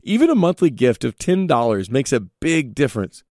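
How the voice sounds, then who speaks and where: Speaking at a middle pitch, this male podcast host teaches the Bible devotionally and earnestly, often pausing to put questions straight to his audience. His delivery is very animated and brisk, the tone a little mellow. The audio is close, dry, and free of echo.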